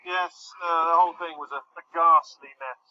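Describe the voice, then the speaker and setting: An actor playing a posh British casino heir who stammers and bluffs, speaking with a British accent. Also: male voice, a little high, fairly even intonation, normal speed, a little hiss or hum, natural voice. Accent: British English. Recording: dull lo-fi film audio.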